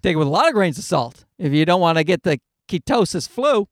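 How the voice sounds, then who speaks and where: A man's voice: high voice, very animated, fairly quick, no echo, studio quality. A man chatting casually to his viewers as a vlogger, blunt and profane, often restarting his sentences. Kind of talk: casual personal chat to camera.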